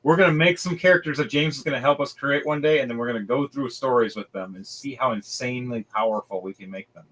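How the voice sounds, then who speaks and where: A man narrating as dungeon master of a tabletop game, animated, rambling and profane. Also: mid-range voice, fast, hardly any pauses.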